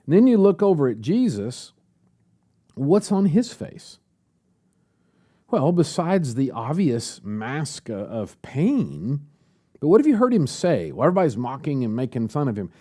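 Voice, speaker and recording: A man's voice: on the high side, very animated, a little slow, dark tone. A man preaching a sermon at a church service, asking the congregation rhetorical questions.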